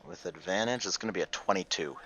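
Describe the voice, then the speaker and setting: A man's voice: low-pitched, quick pace, pushed and bright, faint music behind. A man playing a tabletop game, easygoing and amused. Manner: amused, easygoing, laughs often. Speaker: player. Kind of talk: casual tabletop play. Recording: dull lo-fi audio.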